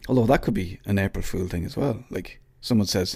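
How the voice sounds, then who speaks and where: Talking quickly with few pauses, the Irish podcast host rambles through a casual solo chat, full of self-mockery and restarts. His voice is lowish, creaky, and dark, with a breathy edge and no room sound.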